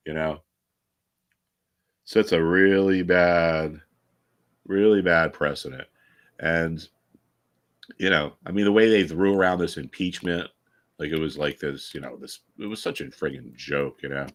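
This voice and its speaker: Deep-voiced man rambling through market talk. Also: moderate pace, a bit bright. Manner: rambling, opinionated, many restarts and fillers. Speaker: trading educator hosting a live market stream. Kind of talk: casual live-stream market chat.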